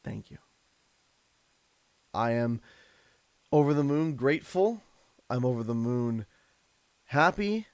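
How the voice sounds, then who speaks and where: A man's voice: mid-range voice, expressive, slow pace, pauses often, dry recording. A man from Canada chatting on a live stream, emotional and effusive, often stammering and repeating himself. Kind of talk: casual live-stream chat.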